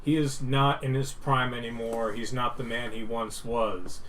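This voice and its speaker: A man's voice: mid-range voice, fairly even intonation, a little slow, fairly bright tone, far from the mic, slight background noise, low-quality recording. A man narrating as game master in a loose, rambling way, full of filler words.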